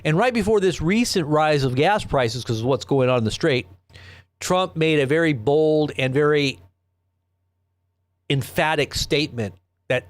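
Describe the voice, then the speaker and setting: A man hosts a ranting news commentary with a fairly high voice, recorded dry and close with no room sound. He rambles and repeats himself, preaching and piling up rhetorical questions. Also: lively intonation, measured pace, long pauses, no echo. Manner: preachy, quotes scripture.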